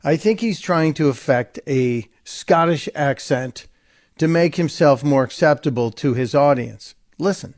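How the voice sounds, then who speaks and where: A man's voice: fairly high pitch, unhurried, a little mellow. A man hosting a talk radio show, giving sarcastic, opinionated commentary in a conversational way. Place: radio studio.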